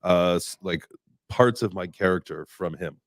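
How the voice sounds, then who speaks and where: A man with a low voice co-hosting a casual talk stream. He rambles and halts, full of fillers, and the sound is dry and close. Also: dry recording. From American Midwest. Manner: rambling, halting, many fillers. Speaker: co-host of a live stream talk show. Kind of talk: casual chat.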